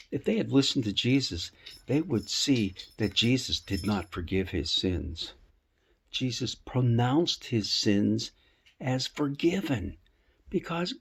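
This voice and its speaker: A man teaching a casual Bible lesson outdoors, telling the story in a folksy, animated way with rhetorical questions. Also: fairly low pitch, breathy edge. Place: rooftop outdoors.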